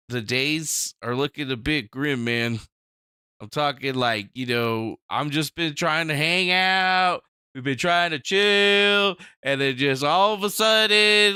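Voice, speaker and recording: A man hosting a live stream, chatting casually and rambling, with profane loud outbursts and mumbled asides to the chat. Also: a little high, smooth, no room sound, studio quality. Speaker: livestream host.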